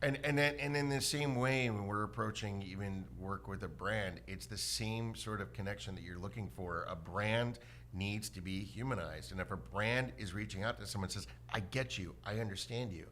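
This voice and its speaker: A man with a somewhat low but bright, forward voice holds forth in a loose podcast conversation. He tells stories and slips into voices for the people he quotes. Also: moderate pace, a little hiss or hum. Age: adult with a son. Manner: storytelling, acts out voices in quotes. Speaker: podcast co-host. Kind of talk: casual panel chat.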